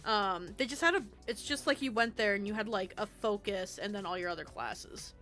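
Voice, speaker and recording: Bright-voiced young woman streamer chatting. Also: medium pitch, normal speed. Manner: rambling, self-deprecating, swears freely. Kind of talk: casual live-stream chat while building in a game. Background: faint game music.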